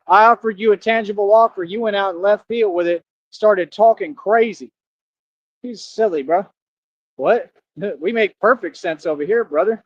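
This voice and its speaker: A man's voice: high voice, no room sound, muffled recording. A man streaming live, reading comments and arguing back in a combative, preachy way, full of rhetorical questions. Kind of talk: livestream rant reading comments.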